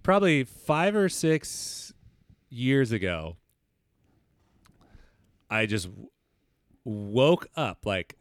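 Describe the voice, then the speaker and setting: A man's voice: medium pitch, lively intonation, extremely slow, pauses often, dry recording. A young man co-hosting a podcast, telling a personal story in loose, candid chat full of swearing and restarts. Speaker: podcast co-host.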